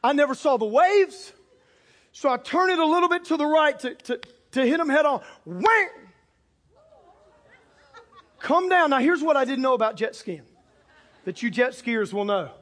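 A man, a pastor, preaching a sermon built around a personal story, talking animatedly and breaking into shouts at the big moments. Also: very high-pitched, normal speed. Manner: animated, bursts into shouts for punchlines. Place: church or auditorium with a live congregation.

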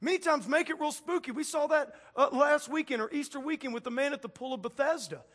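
A man preaching a sermon in a conversational way, acting out Bible figures in casual voices and building from quiet passages to loud ones. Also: very high-pitched, fast talker. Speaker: pastor.

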